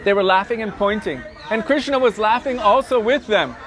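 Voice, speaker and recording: A high-pitched man narrates devotional tales with dramatic flair while guiding pilgrims. His telling swells and slows for effect. Faint crowd murmur hangs in the open air around him. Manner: animated, dramatic storytelling. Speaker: pilgrimage guide and storyteller. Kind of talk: devotional storytelling on a pilgrimage tour. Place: outdoors at a riverside site.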